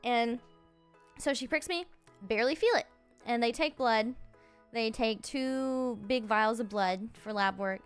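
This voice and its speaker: A woman around thirty, a streamer telling a story in a chatty, halting way, full of "like" fillers and restarts. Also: on the high side, clear, resonant tone, faint music behind. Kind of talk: casual storytelling.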